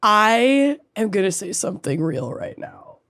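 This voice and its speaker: A woman's voice: mid-range voice, sing-song, measured pace, a bit bright, no room sound, studio quality. A woman in her thirties with a Minnesotan accent, co-hosting a podcast; she talks bluntly and expressively while sick with pneumonia. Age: 30s. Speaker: podcast co-host. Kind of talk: casual chat.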